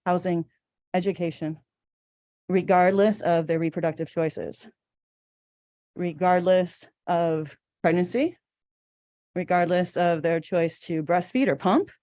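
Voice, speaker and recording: A woman's voice: lowish voice, slow pace, long pauses, mellow. A woman in her forties giving an earnest, emotional public comment at a city council meeting. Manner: earnest, emotional, a little choked up.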